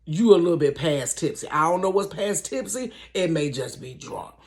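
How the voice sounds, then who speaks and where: Animated middle-aged woman telling a story. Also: sits low, moderate pace. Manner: animated, slangy, keeps addressing listeners directly. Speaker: vlogger telling a personal story. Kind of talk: casual storytime narration. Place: bedroom.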